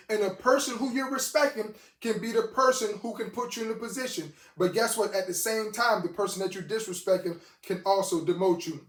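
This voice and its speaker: A man's voice: high voice, roomy sound. A man preaching a sermon as host of his own show, telling a story with lots of quoted dialogue. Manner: animated storyteller quoting others in dialogue.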